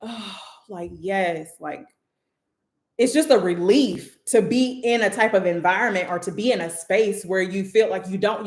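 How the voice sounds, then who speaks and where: Chatty woman hosting in an echoey room. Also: mid-range voice. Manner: loose, chatty, full of "like" fillers. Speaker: host and moderator. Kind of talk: casual livestream discussion.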